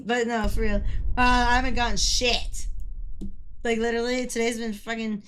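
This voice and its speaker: A woman's voice: fairly high pitch, fairly even intonation, moderate pace, fairly bright tone, slight background noise. A woman livestreaming a game who chats casually with her viewers, greets them by name, swears freely and laughs constantly. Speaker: streamer.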